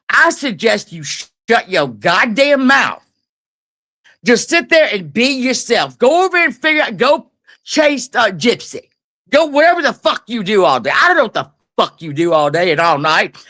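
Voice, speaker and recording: A guest on a livestream, a woman, tears into someone in a profane, taunting rant. Her voice is bright and sharp, and it swings up and down constantly as she talks. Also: on the high side, very animated, a little slow.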